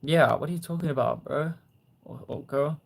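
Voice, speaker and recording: A young man hosting a casual livestream, reading viewer comments and gently encouraging them. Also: fairly high pitch, moderate pace, creaky. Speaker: livestream host.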